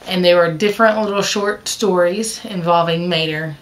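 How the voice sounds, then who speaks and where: Talking to the camera in a relaxed vlog about her stitching, this woman has a lowish voice and keeps a moderate pace. Her talk wanders, packed with fillers, and she often corrects herself and starts sentences over. Hiccups interrupt her.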